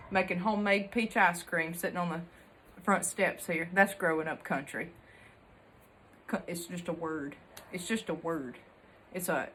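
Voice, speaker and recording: A woman's voice: mid-range voice, bright, forceful tone, a little hiss or hum. A young woman from Alabama with a Southern accent, telling country childhood stories to her viewers in a chatty, folksy way. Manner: chatty and folksy, uses country sayings and laughs often. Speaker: homesteading vlogger. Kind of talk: casual storytelling to camera.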